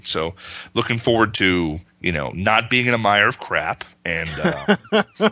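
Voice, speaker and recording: A man's voice: low-pitched, sharp tone, no echo. A man chatting casually as a podcast guest, rambling with restarts and laughing often. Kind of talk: casual chat. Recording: dull lo-fi dry sound.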